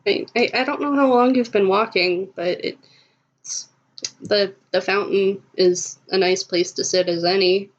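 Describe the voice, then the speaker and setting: A woman's voice: medium pitch, fairly even intonation, a little slow, lightly acted. A woman doing a shy stammering young cleric guy. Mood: hesitant. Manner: stammering, repeats words. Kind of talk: voice chat role-play. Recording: slightly muffled lo-fi audio.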